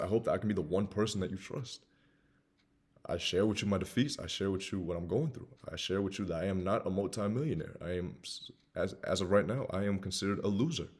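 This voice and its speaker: Young man, twenties, faint Southern US accent, husky, low-pitched, emphatic and repetitive, self-improvement monologue. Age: 20s. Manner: emphatic, repetitive, swings from loud urging to quiet confession. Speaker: self-improvement video host. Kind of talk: earnest personal monologue.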